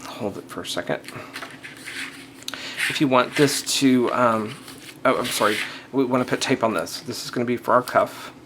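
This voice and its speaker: This man's medium-pitched voice moves at a moderate pace, pausing often as he hosts a crafting tutorial step by step. He talks casually, thinks aloud and checks in with the viewer as he works, often saying "okay" and restarting. Background noise is audible.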